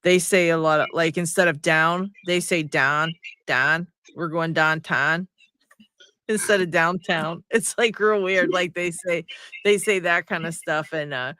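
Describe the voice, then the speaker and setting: A man's voice: sits high, fairly even intonation, normal speed, sharp tone, clear, resonant tone, dry recording, studio quality. A man from Pittsburgh with a Pittsburgh accent, co-hosting a casual livestream chat, rambling and laughing often. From Pittsburgh, USA. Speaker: livestream co-host.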